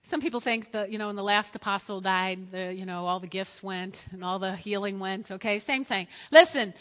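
A woman preaching a lively sermon, telling Bible stories and acting out the quotes herself. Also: medium pitch, measured pace, in a large hall. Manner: animated storytelling, acting out quotes.

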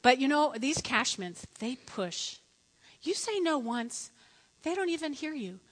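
A middle-aged woman preacher telling a story in a lively, dramatic sermon, acting out the voices in it. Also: high voice, a little slow, in a large hall. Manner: lively, dramatic, acts out quotes.

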